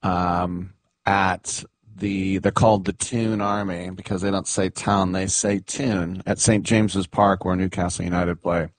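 A man's voice: sits low, little pitch movement, unhurried, no room sound. A man hosting a sports radio talk show, telling rambling stories in a chatty way and laughing at them.

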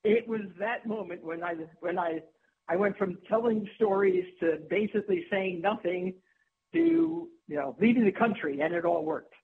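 A woman tennis broadcaster telling lively stories as an interview guest, laughing often and restarting her sentences. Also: medium pitch, moderate pace. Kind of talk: anecdotal interview storytelling. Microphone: phone. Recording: tinny phone line with faint hum.

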